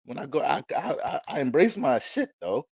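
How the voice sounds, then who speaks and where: A man hosting an astrology livestream, talking in a loose, slangy, animated storytelling way. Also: medium pitch, normal speed, breathy edge, no room sound. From Bronx, New York. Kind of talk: casual livestream chat.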